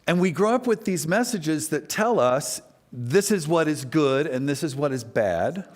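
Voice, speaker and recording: A man from Texas giving a conversational sermon at a spiritual center, chatty and animated, often asking the audience questions. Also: a little high, a little slow. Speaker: guest speaker at a spiritual center.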